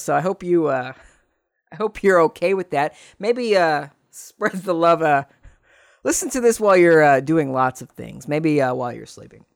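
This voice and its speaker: A man hosting a solo podcast, casually recapping an old TV episode with rambling asides and animated retelling. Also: a little high, normal speed, vocal fry, no room sound, clean studio sound. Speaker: podcast host.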